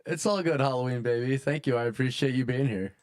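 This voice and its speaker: A man on a livestream thanking chatters and calmly giving advice about online behavior. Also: mid-range voice, quick pace, soft background music. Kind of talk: casual livestream commentary.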